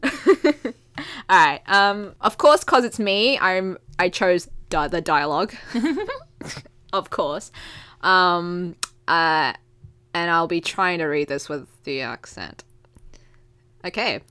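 A woman's voice: on the low side, a bit bright, clear, resonant tone. A woman co-hosting a chatty podcast, giggly and rambling, with lots of fillers. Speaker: podcast co-host reading fan fiction. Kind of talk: casual chat.

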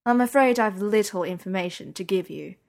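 A woman reading the lines of a guarded, formal middle-aged man in an audiobook, slow and measured. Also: mid-range voice, gravelly, natural voice.

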